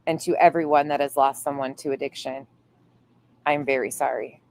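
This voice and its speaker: A woman's voice: extremely low pitch, steady tone, moderate pace, darkish tone. A woman hosting a casual livestream, reading viewer comments aloud and swearing playfully. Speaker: livestream host reading chat.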